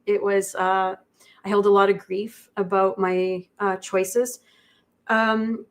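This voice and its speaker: Woman guest, halting and reflective, flat delivery, mid pitch. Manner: halting, reflective, many pauses. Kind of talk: livestream conversation. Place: indoor studio.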